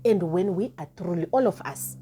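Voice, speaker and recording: A woman's voice: on the low side, moderate pace, warm tone, slight background noise. A woman vlogger giving an impassioned moral talk to her viewers, earnest and emphatic, repeating words for stress. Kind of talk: impassioned moral address to camera.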